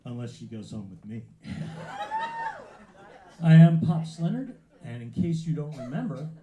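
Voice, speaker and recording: Older comic gushing at the crowd, echoey. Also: male voice, on the high side, wildly swooping pitch, takes it slowly. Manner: gushing, flirty crowd work. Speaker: stand-up comedian. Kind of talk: stand-up crowd work. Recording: echoey room, live show.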